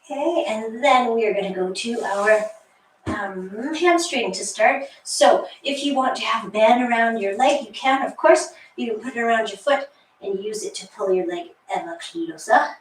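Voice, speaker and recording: Heard through a distant mic in an echoey room with a faint hiss, a woman with a fairly high voice and normal pace instructs a workout. Slightly breathless, she cheers people on, counts down, and laughs lightly.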